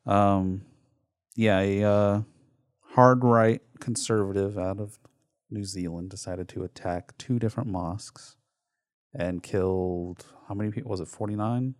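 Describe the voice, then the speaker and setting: Low voiced guy on a podcast, loose and rambly, dry mic. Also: unhurried, dry recording. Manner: relaxed, filler-heavy, conversational. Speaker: podcast co-host. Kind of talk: casual chat.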